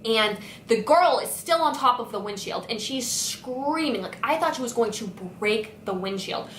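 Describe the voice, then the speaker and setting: A woman's voice: a little high, moderate pace. A young woman vlogger telling a storytime tale with lots of "like" fillers. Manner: animated retelling full of "like" fillers. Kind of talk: storytime vlog. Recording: echoey room with faint noise.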